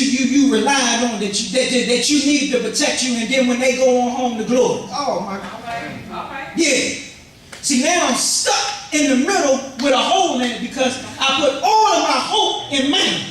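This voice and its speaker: A male pastor preaches with animated call-and-response, his voice pitched high. He sounds distant from the mic, and every phrase rings through a very echoey church. The congregation can be heard behind him. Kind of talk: sermon. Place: church sanctuary.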